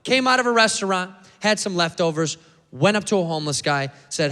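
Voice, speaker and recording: Animated man doing loud stand-up. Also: sits high, brisk. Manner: loud, animated, profane, acting out characters. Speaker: stand-up comedian. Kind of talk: stand-up comedy set. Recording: stage recording with hall reverb.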